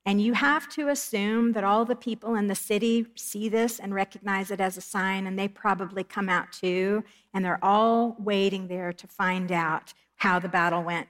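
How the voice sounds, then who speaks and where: A middle-aged woman giving a Bible study lesson in an earnest, measured way, reading scripture aloud and explaining it. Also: mid-range voice, fairly bright tone. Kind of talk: Bible teaching lecture.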